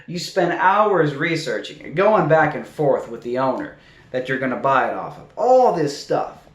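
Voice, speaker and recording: A man's voice: mid-range voice, big pitch swings, normal speed. A man vlogging about his building project in a casual, exasperated way, laughing in disbelief as he talks. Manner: exasperated, incredulous, laughs often. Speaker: vlogger building a container home. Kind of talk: casual video diary. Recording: echoey room with faint music.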